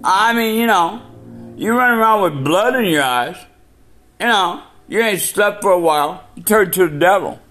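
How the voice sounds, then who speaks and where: A man's voice: high-pitched, expressive, moderate pace, bright, forceful tone. A man delivering a profane, preachy rant full of rhetorical questions. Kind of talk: ranting monologue.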